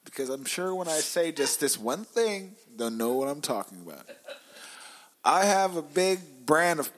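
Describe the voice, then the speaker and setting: A man co-hosting a relaxed podcast chat. He talks loosely, laughs often, and swears freely. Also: a little high, moderate pace, a little hiss or hum. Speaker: podcast co-host. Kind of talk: casual chat.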